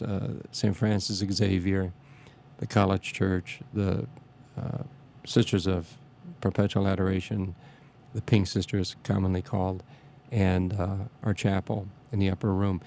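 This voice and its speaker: A man reminiscing in a casual interview, speaking haltingly with many restarts and fillers and a reverent tone. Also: sits low, creaky, darkish tone, slight background noise.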